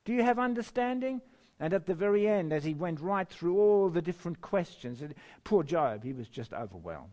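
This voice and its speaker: A man preaching a sermon and reading scripture, slow and emphatic, with wide swings in pitch and loudness and the odd chuckle. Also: expressive. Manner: chuckles now and then.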